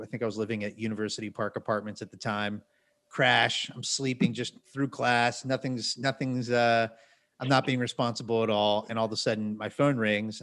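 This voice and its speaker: A man telling a story on a podcast in an ordinary, mid-pitched voice. His delivery is loose and rambling, with plenty of restarts and asides. A wry, self-deprecating tone runs through it. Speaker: podcast co-host. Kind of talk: casual storytelling.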